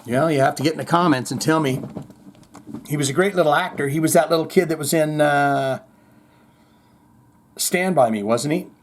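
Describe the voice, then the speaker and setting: Slightly high-voiced chatty male host. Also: normal speed, long pauses, slight background noise. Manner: chatty, sarcastic and blunt, with mild swearing. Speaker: host of a metal news show. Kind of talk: casual chat reading viewer comments.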